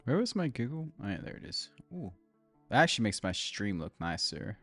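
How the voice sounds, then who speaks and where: A man's voice: fairly low pitch, very animated, a little fast, fairly bright tone, husky. A young Australian man chatting loosely on a live stream, rambling, laughing often and greeting viewers by name. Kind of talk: casual live-stream chat. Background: faint background music.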